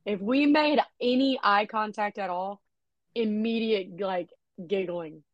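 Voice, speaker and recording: A woman's voice: mid-range voice, slow pace, dry recording, highs cut off. A young adult woman co-hosting a podcast, telling frank, profane stories in casual chat. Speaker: podcast co-host.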